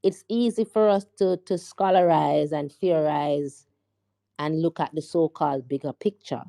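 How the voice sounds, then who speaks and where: Low dark-voiced woman moderating. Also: unhurried, vocal fry, dry recording. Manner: emphatic, rhetorical. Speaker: discussion moderator. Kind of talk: panel discussion.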